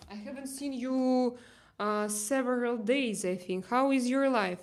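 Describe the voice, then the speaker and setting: A young woman with a Russian accent chatting casually on a phone live stream, halting with fillers and restarts, reading chat messages. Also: fairly high pitch, a little hiss or hum. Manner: halting, many fillers and restarts, laughs easily. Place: home terrace.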